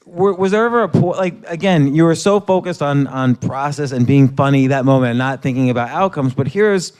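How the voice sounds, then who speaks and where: A man hosting a podcast interview, asking eager, quick follow-up questions. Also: a little high, darkish tone, clean tone. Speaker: podcast host.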